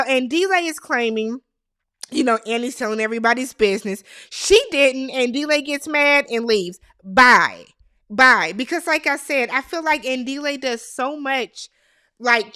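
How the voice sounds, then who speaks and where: A woman's voice: a little high, bright, forceful tone, no room sound, studio quality. A woman hosting a casual, gossipy TV recap, talking straight to her viewers with strong opinions. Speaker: TV show recap host.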